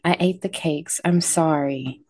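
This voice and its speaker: A pleading, whiny little girl, put on by a woman reading a bedtime story. The voice is pitched up a little from a low, mellow base, close and dry. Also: a little slow, no echo. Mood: tearful. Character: young girl, guilty and resentful.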